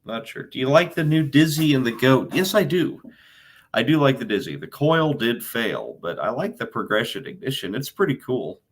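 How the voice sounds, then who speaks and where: Brief: man, laid-back livestream host, deadpan answers, animated pitch, mid-range voice. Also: moderate pace, breathy edge. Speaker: host answering viewer questions. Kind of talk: casual livestream Q&A.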